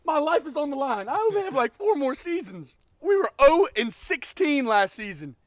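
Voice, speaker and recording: A man's voice: very high-pitched, sing-song, moderate pace, no echo, voice pushed up. A man voicing the ghost of a bellowing old male football coach who barks drill-sergeant orders. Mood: hectoring.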